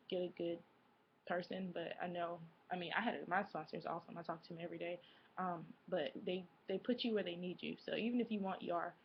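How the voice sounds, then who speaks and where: A woman's voice: fairly low pitch, highs cut off, a little hiss or hum. A woman in her twenties chatting casually to camera as a vlogger, rambling with lots of fillers and self-corrections. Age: 20s.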